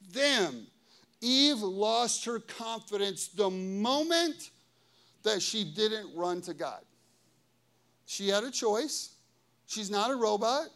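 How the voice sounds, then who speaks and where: High-voiced man preaching with fervor. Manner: emphatic preaching, swings between loud declarations and hushed intimate passages. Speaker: pastor. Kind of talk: sermon.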